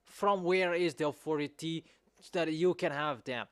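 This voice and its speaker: A man preaching a sermon in non-native English, repeating his points with emphasis and rising to loud exhortation. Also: on the high side, unhurried, smooth, no echo, clean studio sound.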